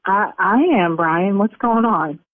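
A woman who runs a salon speaks on a phone call in a medium-pitched voice, a little slowly. She's from Chicago's South Side and turns sassy and scolding, snapping back hard. The phone line sounds dry and tinny, with no echo.

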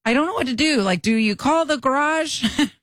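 A woman's voice: sits high, lively intonation, brisk, a bit bright, no echo, studio quality. A woman co-hosting a morning radio show, chatty and teasing in casual banter.

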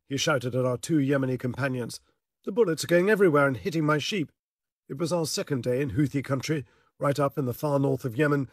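Casting note: male correspondent, mid-pitched, measured scripted narration, dry studio sound. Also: darkish tone, no echo. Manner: measured, authoritative delivery. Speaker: security correspondent. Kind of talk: scripted news report narration.

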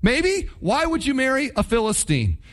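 A man's voice: extremely high pitch, huge pitch swings, moderate pace, fairly bright tone, pitched above the performer's own voice, full character voice. A man voicing a shocked, exasperated parent who pleads with a grown son through disbelieving questions. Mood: incredulous. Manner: incredulous, pleading rhetorical questions.

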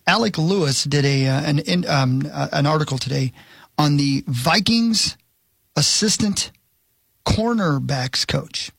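A man's voice: fairly high pitch, expressive, slow, creaky, fairly bright tone, husky, no room sound, studio quality. A man co-hosting a sports talk show, telling a rambling story and poking fun at himself. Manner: rambling storyteller, self-mocking. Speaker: radio show co-host.

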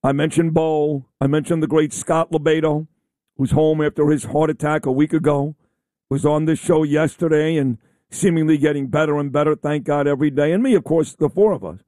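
A man's voice: on the high side, steady tone, fairly quick, warm tone, no echo. Male radio host, dry close-mic sound, upbeat studio commentary. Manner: enthusiastic, admiring. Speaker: radio talk show host.

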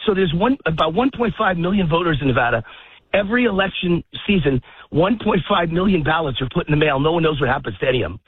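A man's voice: a little high, lively intonation, husky, dry recording. A man calling in as a guest on a talk radio show, heated and emphatic, out of breath while walking his dog in a park. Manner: heated, emphatic, rapid-fire ranting. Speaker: political commentator guest. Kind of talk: phone-in talk radio interview. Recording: tinny phone line.

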